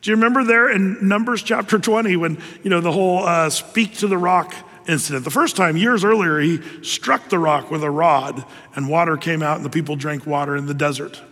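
A man preaching a sermon, telling the story lively with acted asides. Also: on the high side, brisk, hardly any pauses, in a large hall.

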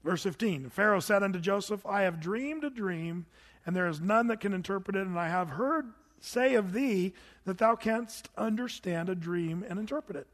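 A middle-aged man preaching a sermon in an animated, conversational way with touches of humor. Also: sits high, normal speed, long reverb tail. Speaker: pastor.

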